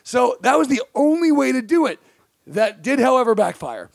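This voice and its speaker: High pitched guy with a gravelly voice, telling stories on a podcast, dry close mic. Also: normal speed, no room sound. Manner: animated storyteller, acts out quotes loudly. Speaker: podcast co-host. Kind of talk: casual comedic storytelling.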